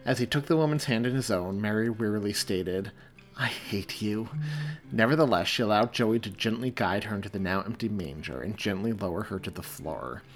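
A man, the author, reading his own story aloud in a measured, expressive audiobook narration. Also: fairly low pitch, faint music behind.

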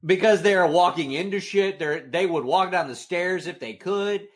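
A man's voice: high-pitched, moderate pace. A man co-hosting a movie-review podcast, ranting with exasperation about the film's silly moments. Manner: animated, exasperated rants. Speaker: podcast co-host. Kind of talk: casual movie-review chat.

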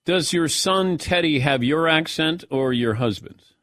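A man's voice: fairly high pitch, measured pace, a bit bright. A middle-aged man hosting a sports radio show, asking playful, teasing questions in casual chat.

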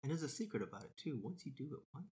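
A man talking as a podcast guest, telling myths and stories in a relaxed conversation. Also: medium pitch, racing. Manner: animated storyteller, retells myths with acted quotes. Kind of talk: casual conversation.

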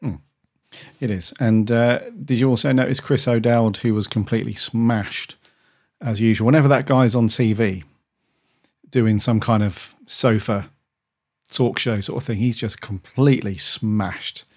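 Podcast co-host, man, lowish voice, loose rambling chat with restarts. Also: fairly even intonation, a little slow, a little mellow. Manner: rambling, with frequent restarts and enthusiastic asides. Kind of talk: casual chat.

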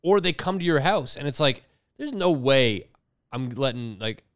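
A man's voice: medium pitch, animated, moderate pace, a bit bright, dry recording. Male podcast co-host, easygoing and chatty, a bit worn out, mid voice, dry booth sound. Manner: laid-back, joking, chatty. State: tired, nursing a headache. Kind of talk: casual chat.

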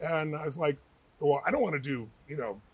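A man's voice: on the high side, expressive, fairly quick. A middle-aged man telling stories with energy and emphasis as an interview guest, acting out the people he quotes. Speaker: guest, author and speaker. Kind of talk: animated interview storytelling.

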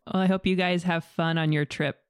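Low-voiced young woman hosting a podcast. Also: fairly even intonation, normal speed, smooth, no echo. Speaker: podcast host. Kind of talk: casual chat and scripted narration.

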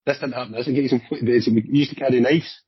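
A man with a Glaswegian accent, a former police officer, telling hurried, animated stories in a casual chat with some swearing. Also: mid-range voice, slightly rough, no echo. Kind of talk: casual anecdotal storytelling. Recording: dull lo-fi sound.

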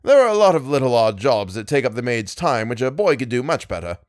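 Airy, secretive old professor for a storybook, brisk and lively in his tune, read by a man. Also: medium pitch, dry recording, studio quality, lightly acted.

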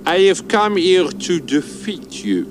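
A man's voice: on the high side, big pitch swings, slow, poor audio. An actor playing a smug French male race car driver, speaking with a French accent in a formal, haughty way. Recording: film clip with music underneath.

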